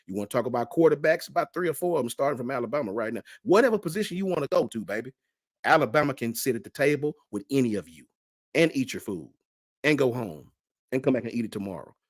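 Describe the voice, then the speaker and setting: A man's voice: medium pitch, quick pace, dry recording, studio quality. A middle-aged man hosting a fan channel livestream, ranting with passion in colloquial talk and reading out chat messages. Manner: impassioned, lively, colloquial Southern.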